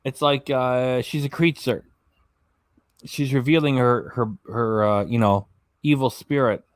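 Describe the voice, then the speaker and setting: Male reaction host, mid-pitched, sarcastic and blunt, dry close sound. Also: steady tone, measured pace, no room sound. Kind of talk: casual commentary over clips.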